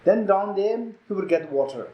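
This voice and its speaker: A Buddhist teacher with a Tibetan accent telling a teaching story, halting and repeating words as he acts out dialogue. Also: high-pitched, lively intonation, dull audio. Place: retreat teaching hall. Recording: echoey hall.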